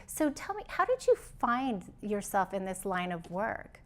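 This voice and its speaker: A woman's voice: medium pitch, very animated, a little slow. A woman host asking curious follow-up questions in an interview. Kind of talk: conversational interview.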